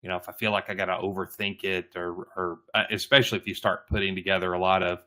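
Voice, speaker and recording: A man's voice: low-pitched, level tone, fast talker, bright, forceful tone. A man on a panel reflecting casually on his work, often repeating words as he thinks. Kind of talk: panel discussion.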